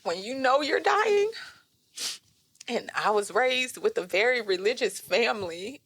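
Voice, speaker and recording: A woman in her thirties telling a personal story on a podcast, animated and direct, calling listeners "y'all" and "girl". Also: fairly high pitch, unhurried, husky. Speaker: guest.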